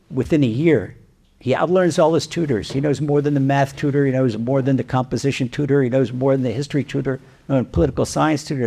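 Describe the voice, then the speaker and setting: Male rabbi, sermon storyteller, gravelly voice, animated. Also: medium pitch. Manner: animated, rhetorical questions.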